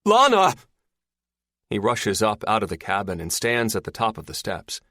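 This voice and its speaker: Low-voiced male audiobook narrator. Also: brisk, a bit bright, dry recording, studio quality. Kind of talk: scripted narration.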